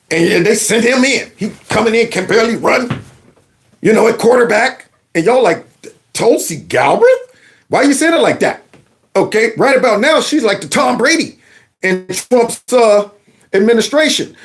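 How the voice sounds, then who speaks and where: A man with a fairly high voice hosts a commentary show and talks back to news clips. He is sarcastic and mocking, firing off rhetorical questions in loose, colloquial speech. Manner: casual colloquial speech with y'all. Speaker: political commentary host.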